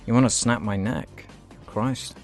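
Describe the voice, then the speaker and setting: A man's voice: fairly low pitch, measured pace, loud music behind the voice. A British man reading out viewer comments and answering them in a sarcastic, swearing comedy rant. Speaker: YouTuber reacting to comments.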